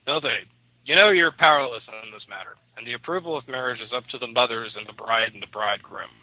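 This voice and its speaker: A man's voice: medium pitch, fairly quick, no room sound, natural voice. A weary, scolding shaman mother, out of patience with her quarrelling husband and son, as a male storyteller puts her on. The voice comes over a thin, phone-like line. The sound is close and dry, with no room around it. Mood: exasperated. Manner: exasperated, scolding. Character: fierce middle-aged mother, tribal shaman.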